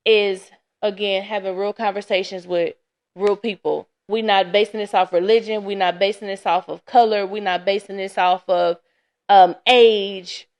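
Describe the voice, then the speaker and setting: A woman hosting a casual solo podcast, chatty and candid, sounding tired and laughing often. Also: medium pitch. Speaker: podcast host. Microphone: camera.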